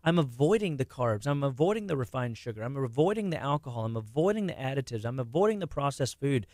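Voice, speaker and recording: A middle-aged man talking casually about health on a radio show, animated and quick, with many restarts and repeated words. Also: mid-range voice, no room sound, clean studio sound.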